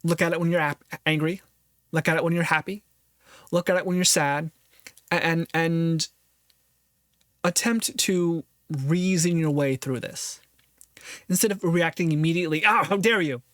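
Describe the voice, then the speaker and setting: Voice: medium pitch, fairly even intonation, moderate pace, long pauses, no room sound, studio quality. A podcast host giving earnest, reflective solo commentary on a philosophy text, thinking aloud and restarting phrases often.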